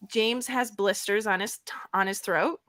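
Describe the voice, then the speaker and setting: A woman co-hosting a comedy chat, animated and joking as she tells quick stories. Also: medium pitch. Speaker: co-host.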